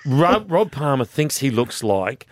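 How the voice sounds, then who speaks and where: A man's voice: mid-range voice, a little slow, no room sound, studio quality. An Australian man hosting breakfast radio, joking and laughing through casual banter. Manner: jokey, laughing, animated. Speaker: radio host.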